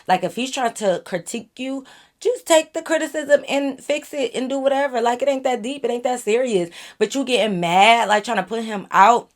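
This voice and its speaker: A woman vlogger telling a casual storytime, animated and chatty, talking straight to her viewers. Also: on the high side, moderate pace.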